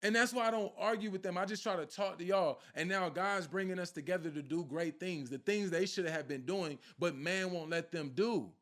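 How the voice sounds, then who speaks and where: Guy with a high voice preaching casually, keeps saying he's telling y'all the truth. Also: fairly bright tone. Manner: preachy, repetitive, addresses viewers directly. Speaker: spiritual content creator. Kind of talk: casual spiritual talk to viewers.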